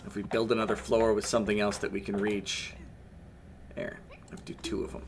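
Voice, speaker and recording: A man's voice: on the low side, fairly even intonation, a little fast, vocal fry, a bit bright, slight background noise. A man with a strained voice giving livestream commentary on a game, scolding the little colonists on screen and swearing at them. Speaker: game streamer.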